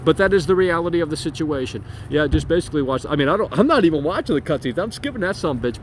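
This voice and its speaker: A high-voiced man rants brashly on his livestream, swearing and repeating himself. He is talking outdoors into a phone. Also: expressive, very fast, a little hiss or hum. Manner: brash, profane, repetitive ranting. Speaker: streamer and host. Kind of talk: casual ranting livestream.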